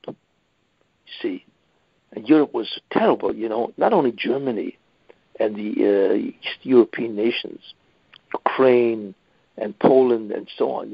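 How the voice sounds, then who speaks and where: A rabbi giving a weekly lecture in an emphatic manner, often adding "you see". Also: male voice, mid-range voice, vocal fry, breathy edge, dry recording. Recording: dull lo-fi dry recording.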